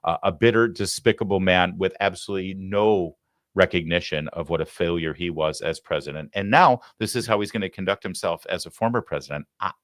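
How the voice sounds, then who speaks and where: Low-voiced man ranting as a talk host. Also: a little fast, fairly bright tone, no room sound, studio quality. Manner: heated, sarcastic, ranting. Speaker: political talk show host. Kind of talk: live opinion commentary.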